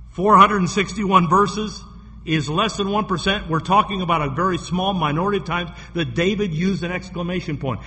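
A man preaching a sermon in an earnest way, reading verses slowly and often restarting his sentences. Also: high-pitched, pushed and bright. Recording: echoey hall.

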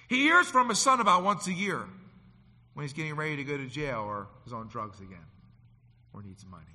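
A man preaching a sermon, swinging from loud to hushed and acting out the people in his stories. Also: on the high side, lively intonation, a little fast. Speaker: pastor. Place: church sanctuary. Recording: long hall reverb.

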